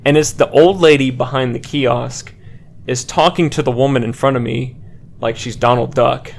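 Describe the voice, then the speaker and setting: A man's voice: mid-range voice, moderate pace, gravelly. A young adult man, a podcast co-host, telling a story casually to friends. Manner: animated anecdote telling with laughs.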